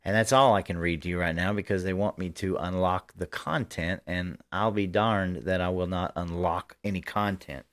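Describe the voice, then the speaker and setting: A man's voice: low-pitched, moderate pace, hardly any pauses, a bit bright. A man hosting a political commentary livestream, talking fervently in rambling bursts with frequent restarts. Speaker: host.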